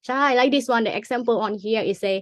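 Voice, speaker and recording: With rapid-fire delivery and a fairly high voice, a young Thai woman, speaking with a Thai accent, teaches her native language in casual explanatory chat, patiently sounding out examples. The dry recording has clean studio sound.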